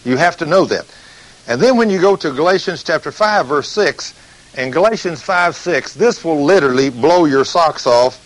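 A man preaching a sermon, reading scripture slowly and telling stories with emphasis. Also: a little high, lively intonation, rough recording.

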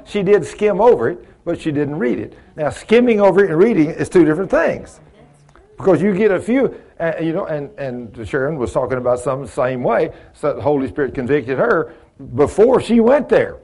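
A man's voice: fairly high pitch, lively intonation, fairly quick, darkish tone. Folksy man teaching Bible study. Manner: folksy, asks the group questions, acts out dialogue.

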